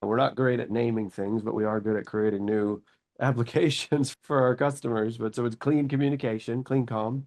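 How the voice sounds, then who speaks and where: A man in his forties, a company chief executive, telling his story in a casual interview with lively anecdotes and quoted thoughts. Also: medium pitch, moderate pace. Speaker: company CEO, guest.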